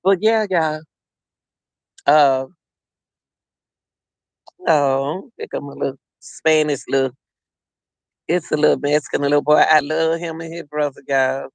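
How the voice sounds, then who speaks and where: A man's voice: fairly high pitch, measured pace, vocal fry, long pauses, no echo. A middle-aged man hosting a casual livestream, rambling and chatting directly to his viewers. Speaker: livestream host.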